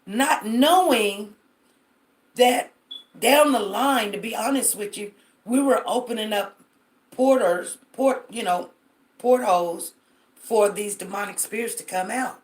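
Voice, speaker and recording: A woman's voice: a little high, slow. A woman hosting a casual live stream on her phone, chatting to viewers and telling stories with lots of fillers. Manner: chatty, storytelling, addresses viewers directly, many fillers.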